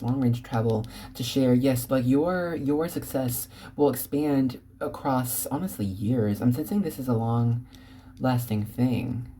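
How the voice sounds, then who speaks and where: Woman, very low mellow voice, giggly rambling tarot reader, casual address to camera. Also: slight background noise. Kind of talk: casual tarot reading to viewers.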